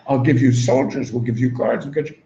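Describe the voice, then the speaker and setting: A man voicing an ancient male king who hurries a guest out of his land in a low, confiding, rushed way. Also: steady tone, dark tone, lightly acted. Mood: urgent. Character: blunt anxious ancient king Pharaoh, man. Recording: roomy, dull recording, faint hum.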